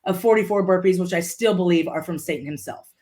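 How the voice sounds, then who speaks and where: A woman's voice: fairly low pitch, quick pace, dark tone. A woman from Litchfield, Illinois, a podcast guest telling a motivational story and repeating her key phrases for emphasis.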